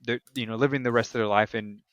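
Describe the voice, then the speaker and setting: A man's voice: medium pitch, fairly even intonation, fast talker, no echo. A man co-hosting a podcast in casual chat, laid-back and cursing freely, tossing in "man" all the time. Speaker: podcast co-host.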